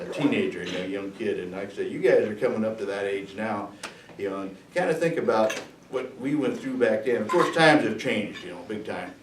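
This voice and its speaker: In an echo-filled room with a far-off mic and faint noise, a veteran in his sixties rambles through stories for students. His voice is fairly low, and he chuckles often, hesitating and filling gaps with verbal fillers.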